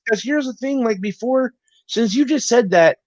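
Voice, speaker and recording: A man's voice: extremely high pitch, lively intonation, normal speed, no room sound. A man co-hosting a casual livestream chat, rambling and joking with lots of swearing. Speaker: co-host. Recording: dull lo-fi stream audio.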